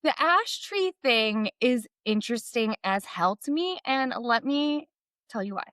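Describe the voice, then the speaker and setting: Bright-voiced woman podcast co-host. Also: on the high side, expressive, unhurried, no echo. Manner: reads book passages aloud, laughs often. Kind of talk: casual book discussion chat.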